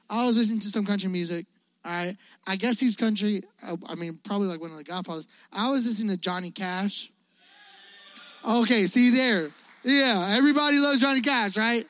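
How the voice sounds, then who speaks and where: A man preaching a casual, energetic youth sermon, telling stories and asking his listeners questions. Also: very high voice, no echo. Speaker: youth pastor.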